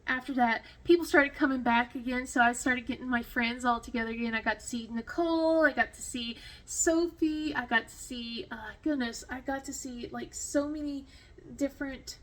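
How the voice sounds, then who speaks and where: A woman vlogger telling a rambling story in casual chat, full of fillers and restarts, emotional and quick to laugh. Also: high-pitched, steady tone, fairly bright tone. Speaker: crafting vlogger.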